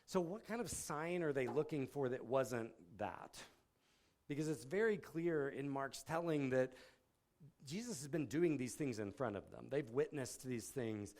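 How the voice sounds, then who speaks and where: A man's voice: mid-range voice, expressive, measured pace, darkish tone. Male campus ministry speaker, laid-back conversational sermon, explanatory with casual asides.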